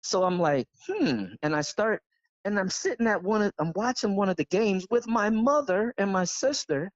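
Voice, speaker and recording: A man calling in to a live stream, rambling excitedly through a long story. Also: high-pitched, moderate pace, dry recording, highs cut off. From Florida. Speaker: caller. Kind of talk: excited phone-in chat.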